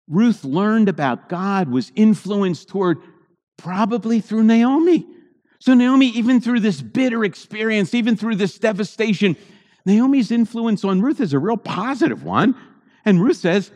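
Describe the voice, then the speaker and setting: A man's voice: on the high side, big-room sound. A man preaching a sermon in a church in a conversational way, often asking the congregation rhetorical questions. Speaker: pastor.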